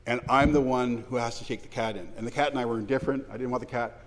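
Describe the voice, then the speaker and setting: A man speaking in a parliamentary debate, personal and anecdotal, with halting restarts. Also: mid-range voice, steady tone. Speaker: legislator answering questions. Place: large legislative chamber. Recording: long reverb of a large hall.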